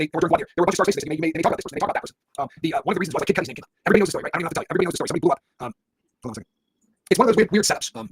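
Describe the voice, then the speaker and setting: A middle-aged man giving rambling livestream commentary on a court case, pausing to read and answer viewer chat. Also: on the high side, slight background noise. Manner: rapid, rambling, reads chat aloud.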